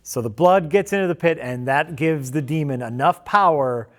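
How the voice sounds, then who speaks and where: A man's voice: fairly high pitch, normal speed. A man co-hosting a casual film review, sarcastic and profane. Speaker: co-host.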